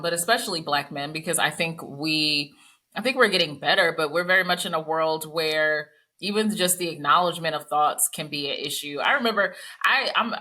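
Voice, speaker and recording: A woman hosting a podcast as a psychologist, telling stories animatedly and acting out what others said. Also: fairly low pitch. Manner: animated storyteller, acts out quotes. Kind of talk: podcast conversation.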